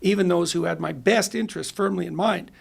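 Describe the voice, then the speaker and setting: Interview guest, male psychologist; high, very gravelly voice; emphatic, lecturing delivery. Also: a little fast. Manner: emphatic, builds ideas step by step.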